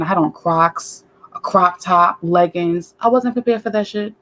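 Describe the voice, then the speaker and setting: A woman guest telling a story in a casual way, animated and profane, acting out other people's voices. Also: on the low side, a little slow.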